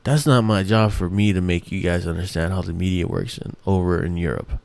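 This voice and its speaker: A man's voice: low voice, lively intonation, a little fast, vocal fry, darkish tone, dry recording. A man hosting his own show, ranting in a rambling, profane, exasperated way with many restarts. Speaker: podcast host. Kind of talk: casual ranting monologue.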